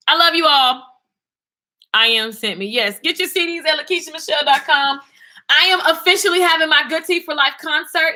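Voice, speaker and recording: A woman, talking casually and preachily to her viewers in a vlog, with quick asides and laughs. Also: high-pitched, bright, forceful tone. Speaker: vlogger and singer. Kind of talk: casual inspirational talk to viewers.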